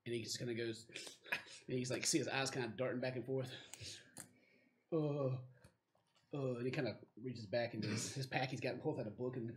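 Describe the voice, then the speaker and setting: A man's voice: mid-range voice, fairly even intonation, fairly quick, long pauses. A man narrating as game master of a tabletop game, rambling with lots of fillers.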